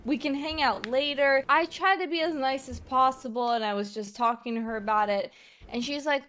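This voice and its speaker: A woman venting to camera about friends, indignant and rapid, with little giggles slipping into her sentences. Her voice is high and bright. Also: clear, resonant tone.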